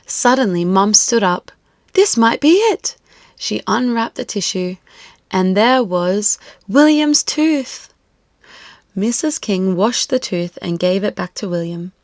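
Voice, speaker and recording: Expressive woman reading a kids' story. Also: mid-range voice, slow pace, no room sound, clean studio sound. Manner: clear, expressive and lilting. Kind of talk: children's storybook read-aloud.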